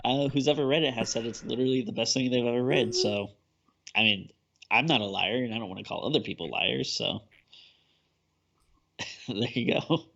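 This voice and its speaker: A man's voice: mid-range voice, moderate pace, vocal fry, pauses often, fairly bright tone, highs cut off. A man co-hosting a horror podcast, joking casually with small stammers and chuckles. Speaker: podcast co-host.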